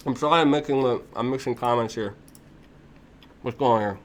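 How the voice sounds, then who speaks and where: A young man hosting a casual livestream, telling lively stories, laughing and mimicking kids, then answering viewer questions. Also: fairly quick, pauses often, a little hiss or hum. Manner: animated storyteller, imitates kids in a high voice, laughs often. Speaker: livestream host.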